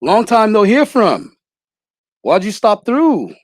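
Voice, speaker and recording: A man putting on another man's slow, deliberate speaking cadence to mock him. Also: high voice, very animated, no echo, studio quality, voice pushed up, exaggerated voice. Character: man mimicking a commentator's slow, measured delivery.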